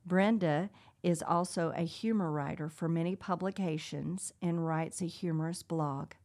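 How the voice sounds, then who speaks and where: A woman's voice: on the low side, normal speed, darkish tone. A woman co-hosting an interview show who reads the guest's introduction and laughs easily. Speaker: co-host.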